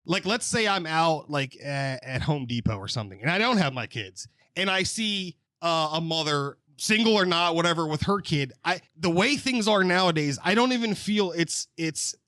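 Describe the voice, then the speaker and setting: Podcast co-host, male, slightly high voice, very lively pitch, dry close mic, rambling casual delivery. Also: moderate pace, hardly any pauses, no room sound. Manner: animated, rambling, laughs often. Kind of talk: casual chat.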